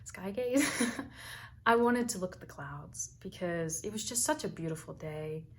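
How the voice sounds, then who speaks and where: A young American woman, talkative and quick to laugh, telling a personal story in a vlog. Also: lowish voice, expressive. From United States. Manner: chatty and talkative, laughs often. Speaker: vlogger.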